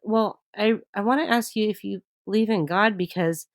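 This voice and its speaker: A woman guest telling a personal story in an interview, animated and often laughing as she talks. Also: mid-range voice, normal speed, no room sound.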